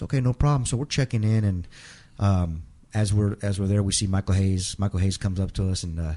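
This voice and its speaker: Low, mellow-voiced man telling a story. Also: fast, few pauses. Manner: rambling, repeats and restarts, quotes others in his own voice. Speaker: interview guest. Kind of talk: casual storytelling in an interview.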